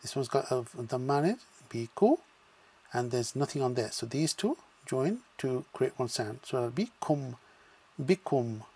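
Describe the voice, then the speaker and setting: At normal speed, a very animated man with a darkish, medium-pitched voice and a breathy edge gives a beginners' language lesson. It's slow and drill-based, as he patiently voices syllables one by one, merges them into words, and often asks "okay."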